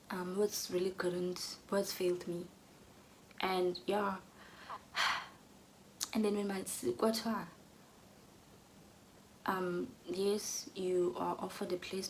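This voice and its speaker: Young woman telling her story, earnest, goes soft and whispery, bit of fry in the voice. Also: mid-range voice, a little hiss or hum, rough recording. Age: young adult. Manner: earnest, drops to soft whispers when emotional. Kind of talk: personal storytelling vlog.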